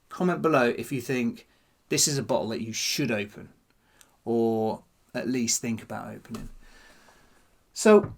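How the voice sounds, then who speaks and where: With vocal fry running through his medium-pitched voice, this man hosts his own whisky channel. He talks casually to the camera, reflecting aloud between sips during the tasting.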